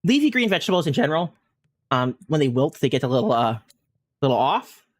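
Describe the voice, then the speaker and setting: A man streaming a game launches into a funny story, talking quickly in a fairly high voice. The gaming streamer is animated in the casual chat and breaks into laughter often.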